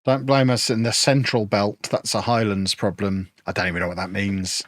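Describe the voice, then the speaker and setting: A man's voice: lowish voice, little pitch movement, normal speed, no room sound, studio quality. A man from England, chatting casually and joking with his chat while streaming a football management game. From Peterborough, England.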